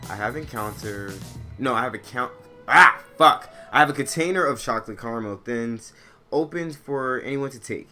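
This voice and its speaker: A man reading online stories aloud while playing a game, breaking into loud, profane, animated rants. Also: medium pitch, normal speed. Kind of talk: casual gaming commentary with rants. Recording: gameplay music behind the voice.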